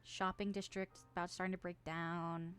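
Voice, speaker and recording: A woman's voice: fairly low pitch, level tone, normal speed, soft background music. A woman streaming a video game, chatting casually with her viewers and swearing often as she plays. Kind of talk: casual gameplay stream chat.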